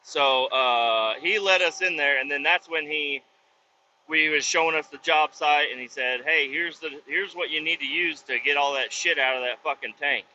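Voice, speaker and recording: A man casually telling a rambling work story from inside his truck, profane and animated, acting out the people he quotes. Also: a little high, normal speed, highs cut off, a little hiss or hum. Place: inside a pickup truck with windows down.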